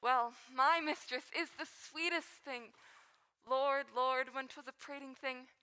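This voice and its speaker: A woman voicing a fussy old nurse from a Shakespeare stage reading, rambling and teasing as she grumbles. Her voice sits high and bright. It rings with a long reverb, as if in a hall. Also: measured pace, clean tone. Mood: gossiping. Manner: rambling, complaining, chuckling. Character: garrulous older female nurse, fussy and teasing. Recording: long reverb on live stream.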